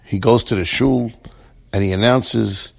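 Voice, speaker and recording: Guy telling a story, gravelly and kinda husky, jumps up high doing the voices. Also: a little slow. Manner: animated, switching voices for characters. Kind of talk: storytelling, acting out dialogue.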